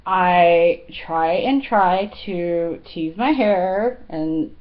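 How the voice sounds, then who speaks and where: Slow-talking chatty woman in her thirties. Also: fairly low pitch, muffled recording. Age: 30s. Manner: chatty, giggly, lots of fillers. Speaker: fashion vlogger. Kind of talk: casual chat.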